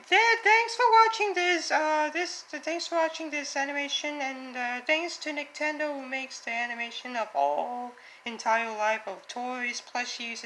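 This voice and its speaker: A woman hosting her own reaction video, chatting casually and breaking into excitable, gasping exclamations. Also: high-pitched, slight background noise. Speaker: reaction channel host.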